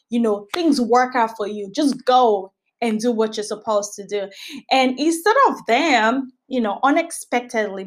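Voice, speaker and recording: A woman hosting a Bible study podcast, reading scripture aloud and teaching in a casual, earnest way, often repeating phrases for emphasis. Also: fairly high pitch.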